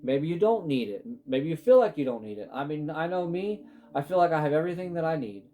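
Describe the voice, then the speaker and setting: This tarot reader, an adult man with sons, talks fast with lively intonation in a fairly high, warm voice. His casual spiritual reading is emotional and rambling, and he keeps cutting himself off mid-sentence.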